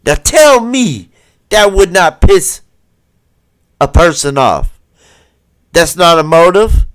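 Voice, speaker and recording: A man's voice: high-pitched, animated, takes it slowly, no room sound. A man hosting a livestream and commenting casually on video footage, swearing and firing rhetorical questions at viewers. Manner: profane, keeps asking the viewer rhetorical questions; acts out the people in the footage in quoted voices. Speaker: livestream host.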